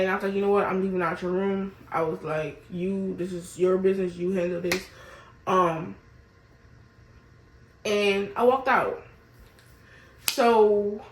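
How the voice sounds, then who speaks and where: A woman's voice: medium pitch, a little hiss or hum. Chatty young woman telling a story. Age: young adult. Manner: animated, retells quarrels in quoted voices. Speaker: vlogger. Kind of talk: casual storytime. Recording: echoey room.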